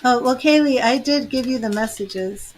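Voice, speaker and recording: A woman's voice: on the high side, normal speed, a little hiss or hum, rough recording. A woman tarot reader and psychic medium chatting on a livestream, laughing often and greeting viewers by name. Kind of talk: casual livestream chat.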